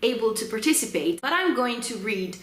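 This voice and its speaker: A young Italian woman with an Italian accent, chatting casually to camera about books, often pausing with ums. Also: fairly high pitch, big pitch swings, fairly bright tone. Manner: chatty, hesitant with frequent ums. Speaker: book vlogger. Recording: roomy echo.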